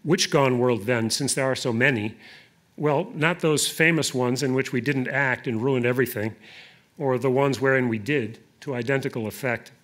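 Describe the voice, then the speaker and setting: A poet giving a live poetry reading, deliberate in the verse and hesitant in his asides. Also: mid-range voice, a bit bright.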